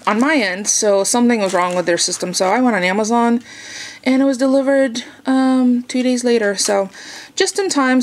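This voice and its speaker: A woman chatting casually in a home vlog, rambling on and cooing baby talk at her dogs. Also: a little high. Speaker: vlogger. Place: home living room and kitchen.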